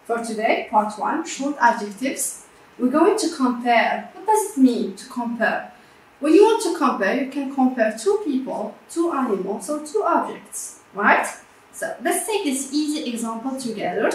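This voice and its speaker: Woman teacher, high voice, slow patient delivery, echoey classroom heard from afar. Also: sing-song. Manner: slow and patient, repeats words and checks with "okay?". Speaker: English teacher. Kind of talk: classroom grammar lesson. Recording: echoey room from a distance.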